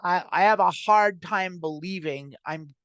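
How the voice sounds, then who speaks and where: A woman's voice: lowish voice, unhurried, no room sound, highs cut off. A trans woman co-hosting a podcast, chatting casually in a rambling, filler-heavy way, laughing often and swearing freely. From United States. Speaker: podcast co-host. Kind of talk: casual chat.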